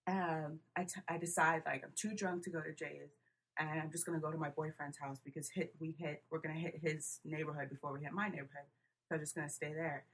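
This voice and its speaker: A woman's voice: low-pitched, level tone, fairly quick, fairly bright tone, breathy edge. A young woman, a podcast guest telling a casual story and acting out what people said. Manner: casual, swearing, quotes people with voices. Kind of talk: casual chat.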